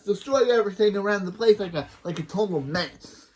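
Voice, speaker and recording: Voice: medium pitch, brisk, hardly any pauses, darkish tone. A reaction video host casually retelling a cartoon episode, rambling and restarting sentences.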